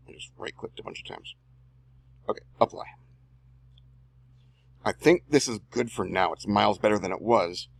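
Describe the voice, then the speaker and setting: A man's voice: lowish voice, vocal fry, no room sound. A man reading copy aloud as he edits a screen-recorded tutorial, muttering and adding slangy asides to himself. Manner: self-talking, drawling slangy asides. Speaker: online marketer and video host.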